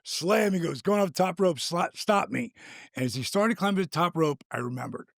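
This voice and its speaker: An older man with a gravelly voice, animated and swearing freely as he tells a story in casual chat, acting out the quotes. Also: fairly high pitch, fairly quick, no echo, clean studio sound. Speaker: guest.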